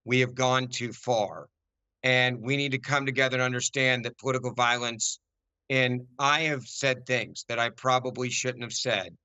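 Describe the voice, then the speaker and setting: An American man arguing forcefully as a guest on a political debate show, emphatic and repeating his key points. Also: medium pitch, fairly even intonation, normal speed, clean tone, no room sound. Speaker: panel guest.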